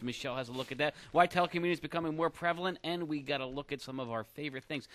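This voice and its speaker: Bright playful man co-host. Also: a little high, very fast, hardly any pauses. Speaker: co-host presenting the rundown. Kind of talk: casual studio chat.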